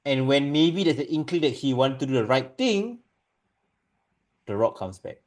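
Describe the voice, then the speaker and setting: A man talks casually on a wrestling podcast, his voice sitting at an ordinary middle pitch. He walks through storylines in a relaxed, conversational way and quotes lines as he goes. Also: normal speed. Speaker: podcast co-host.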